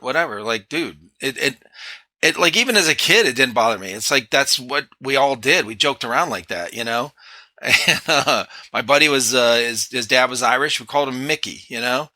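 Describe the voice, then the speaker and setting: A man's voice: medium pitch, moderate pace, pushed and bright, no echo. A man hosting a podcast, chatting in a blunt, laid-back, profane way. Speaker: podcast host. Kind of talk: casual chat.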